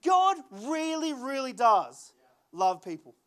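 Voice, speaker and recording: A young adult man, a lead pastor, preaching a sermon in an earnest way, repeating words for emphasis and reading scripture aloud in slow phrases. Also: very high voice, big pitch swings, a bit bright.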